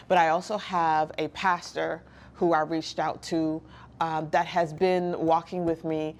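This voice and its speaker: A woman talking as an interview guest, earnest and reflective, with pauses and restarts. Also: low voice, level tone. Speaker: guest, licensed counselor. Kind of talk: candid personal interview talk.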